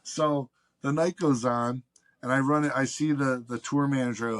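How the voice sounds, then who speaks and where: Man, podcast guest, casual storytelling, profane, mid-pitched voice, animated retelling. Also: moderate pace. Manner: profane, animated anecdote teller doing quoted voices.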